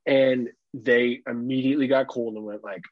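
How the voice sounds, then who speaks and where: A husky-voiced man co-hosts a podcast, spinning stories in a casual way and putting on the voices of the people in them. He laughs easily and swears freely. The sound is dry and a bit dull. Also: mid-range voice, normal speed, no echo. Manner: animated, acts out other people's lines, laughs often, swears casually. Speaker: podcast co-host. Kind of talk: casual storytelling chat.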